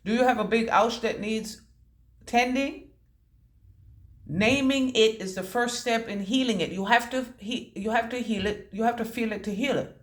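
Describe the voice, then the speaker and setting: A woman's voice: on the high side, moderate pace, roomy sound. A woman giving a channeled intuitive reading who free-associates from word to word, makes puns and swears casually. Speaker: intuitive reader.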